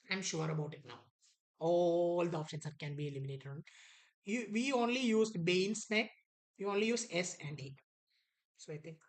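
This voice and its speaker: Teacher, woman, lively exam-prep explainer who repeats key words. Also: lowish voice, poor audio. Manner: animated, repeats key words, acts out an author's attitude. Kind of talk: online exam prep lesson.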